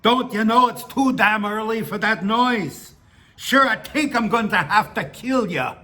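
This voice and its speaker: A gruff, bellowing Norwegian sailor, put on by a male storyteller, barking in a Scandinavian accent that lifts at the end of every sentence. The voice sits high and loud, and the delivery is slow and heavy. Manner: ends sentences with a rising inflection.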